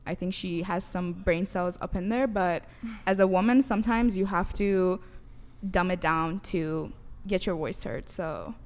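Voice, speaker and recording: A young woman speaking as a guest on a casual panel chat, thoughtful and measured, saying "like" often. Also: fairly low pitch.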